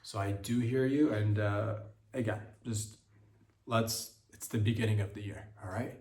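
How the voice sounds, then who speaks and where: A man hosting a podcast, giving a deadpan satirical comedy monologue with mock-earnest sarcasm aimed at his audience. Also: lowish voice, a little slow, echoey room. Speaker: podcast host.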